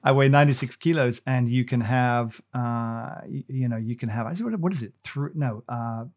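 A man's voice: medium pitch, moderate pace. A man hosting a casual chat, rambling with many restarts and playful teasing. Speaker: podcast host.

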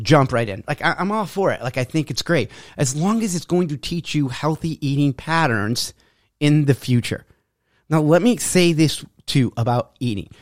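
A man's voice: medium pitch, dry recording, studio quality. A man coaching on fitness in a blunt, preachy monologue that mocks people's excuses. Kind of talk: motivational monologue.

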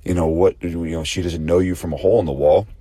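A man with a very low voice hosts a podcast for gym owners. He talks casually, posing rhetorical questions as he tells a story. The sound is dry and close, with no room echo. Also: fairly even intonation, fast, dark tone. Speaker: podcast host and gym business coach. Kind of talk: casual spoken promo and talk.

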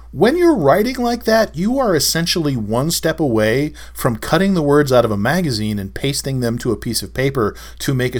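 A middle-aged man hosting a solo podcast in a casual, wry and exasperated way, often chuckling. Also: mid-range voice. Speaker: podcast host.

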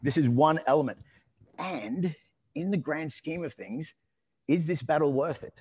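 A man telling a story in a relaxed conversational way, rambling with restarts and fillers. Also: on the high side, unhurried, slightly rough. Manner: lively and amused when telling anecdotes.

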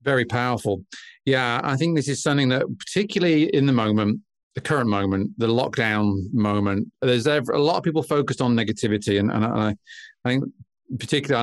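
Calm male interview host, dry sound. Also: mid-range voice, brisk, no echo.

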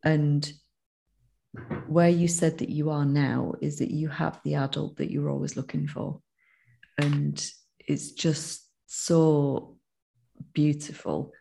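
A woman hosts a podcast in casual chat and talks in an encouraging way, stopping and restarting her sentences. Her voice is very low and gravelly, with a dark, mellow tone. Faint music plays behind her. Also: little pitch movement. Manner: warm and encouraging, with halting restarts. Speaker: podcast host.

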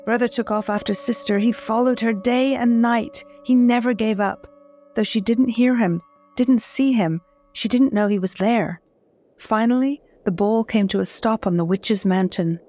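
A woman host narrating a folk fairy tale in a measured, scripted delivery, slowing at dramatic moments. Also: fairly high pitch, a little mellow, faint music behind. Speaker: host and storyteller.

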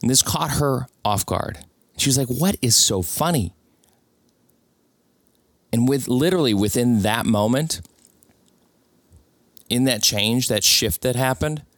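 A man's voice: mid-range voice, fairly bright tone, no echo. A man telling a personal story in an earnest, reflective way, quoting others in his own voice.

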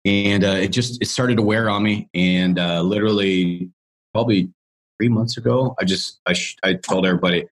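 A man with a somewhat low voice speaks as a guest coach in an interview. He tells his story casually, wandering and restarting often in a friendly, talkative way. The delivery stays loose and conversational. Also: fairly even intonation, moderate pace. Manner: rambling, chatty, with many restarts and "you know".

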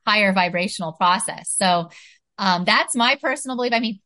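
A woman's voice: medium pitch, fairly quick, pushed and bright. A woman talking earnestly in a casual spiritual chat, full of "you know" and "like".

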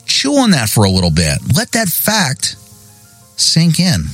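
A man's voice: fairly high pitch, wildly swooping pitch, unhurried, fairly bright tone, no echo, soft background music. A man hosting a devotional podcast sermon, reading verses and pressing listeners with pointed, repeated questions. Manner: emphatic, repeats key phrases. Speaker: podcast host.

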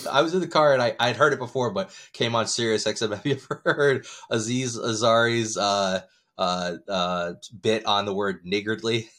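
A man's voice: lowish voice, moderate pace, a bit bright. A man co-hosting a podcast in easygoing casual chat, agreeing readily and chuckling often. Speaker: podcast co-host.

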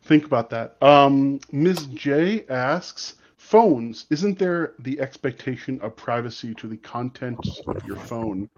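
Chatty host on dull audio. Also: male voice, mid-range voice, animated, slow pace, few pauses, a little mellow. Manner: reads listener questions, chatty with fillers. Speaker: podcast host. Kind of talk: casual podcast Q&A.

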